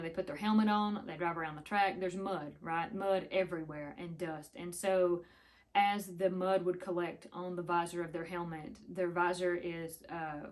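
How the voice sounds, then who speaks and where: A woman, chatting casually to the camera, rambling through a story with laughs. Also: on the low side. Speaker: vlogger.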